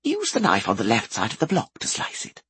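A man reading an audiobook and voicing a tiny, brisk, motherly woman who runs an inn kitchen, speaking slowly and softly with a breathy edge. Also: medium pitch, huge pitch swings, no room sound, heavily acted. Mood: brisk kindly.

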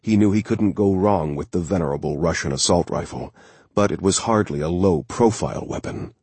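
A man narrating a thriller audiobook in a steady, measured way. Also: low voice, slightly rough, dry recording.

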